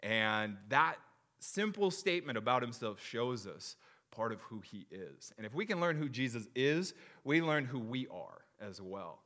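A young man preaching a sermon in an animated, joking way, acting out the crowd's reactions. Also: medium pitch. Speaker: pastor.

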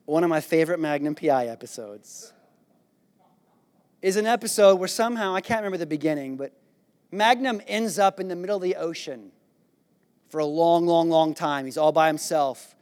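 A man preaching a sermon, retelling a scripture story in a playful, animated way and acting out the characters. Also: a little high, moderate pace, pauses often. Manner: animated storytelling, acts out disciples with a raised voice; playful, jokes with the congregation. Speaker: pastor.

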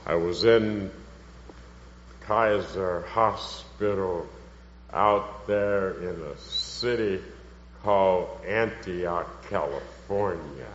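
A man's voice: low voice, very slow, slight background noise. A man preaching a sermon with personal testimony, fervently building to emphatic cries. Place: church hall. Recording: dull, reverberant hall recording.

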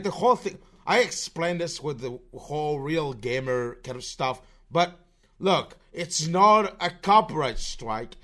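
A man's voice: fairly high pitch, fairly bright tone. A man hosting his own show, delivering a rambling, profane and mocking commentary rant full of restarts. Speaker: show host. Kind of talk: ranting online commentary.

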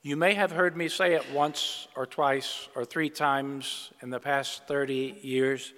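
A man's voice: medium pitch, fairly even intonation, slow pace, a bit bright, in a large hall. An older male preacher giving a sermon, opening with jokes and then speaking earnestly about giving and stewardship. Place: church.

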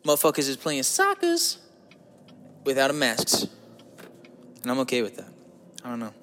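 With a mid-range voice whose pitch swoops wildly, this New Jersey podcast host rambles solo from his parked car at a normal speed. He's crude, profane, and joking, breaking into loud voices, and a long reverb tail trails his words.

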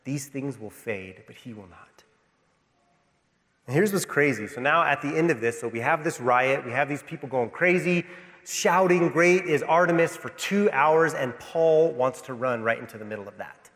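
A male pastor preaching a sermon with passion, swinging between loud emphatic lines and hushed ones. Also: medium pitch, lively intonation, moderate pace, in a large hall. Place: church sanctuary.

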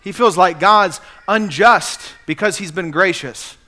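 A man's voice: high-pitched, measured pace, bright, forceful tone. A man preaching a sermon as pastor, earnestly acting out the quotes he cites.

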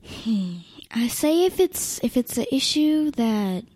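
A teenage girl talking casually about her younger siblings, giggling and often dropping into a soft near-whisper. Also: fairly high pitch, sing-song, takes it slowly, no echo. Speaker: interviewee, older sibling. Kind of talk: casual family interview.

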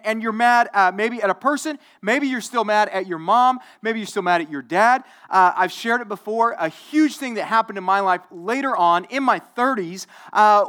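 A man's voice: sits high, bright, forceful tone. A man in his forties preaching in a loose, conversational way. He restarts phrases, repeats himself and keeps asking his listeners whether they follow. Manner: conversational, repetitive, asks the audience. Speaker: pastor. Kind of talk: sermon.

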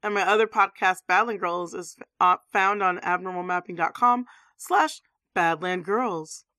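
A woman's voice: fairly low pitch, unhurried, sharp tone, no echo, studio quality. A woman guesting on a podcast, laughing often in casual chat.

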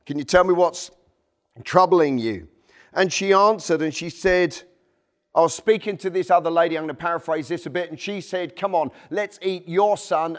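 A pastor preaching a Sunday sermon in church, reading scripture aloud with lively asides. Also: male voice, fairly high pitch.

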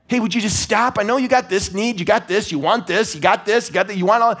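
A male preacher voicing God as an impatient, exasperated man pleading with people to stop and listen, his voice rising high and pushing toward a shout. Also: fast.

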